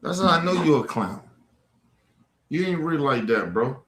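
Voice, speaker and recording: A man's voice: fairly high pitch, sing-song, unhurried, fairly bright tone. A man hosting a livestream, confronting trolls in the chat in a heated, profane rant. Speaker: livestream host. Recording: echoey room.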